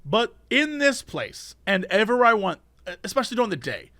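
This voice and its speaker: A man co-hosting a podcast, ranting and telling stories in an animated casual chat. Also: high voice, fairly quick, no echo, studio quality. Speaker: podcast co-host.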